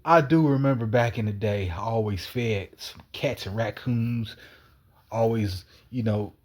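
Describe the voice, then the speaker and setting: A man's voice: fairly low pitch, measured pace, a little mellow. A man in a rambling, wandering monologue, repeating himself and swearing casually. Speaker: cat feeder.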